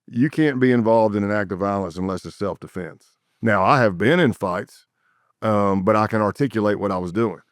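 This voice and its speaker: This clean, dry studio recording captures a middle-aged South Carolina man with a lowish voice talking at normal speed. He's a former undercover agent guesting on a casual interview, spinning stories and lively impersonating whoever he quotes.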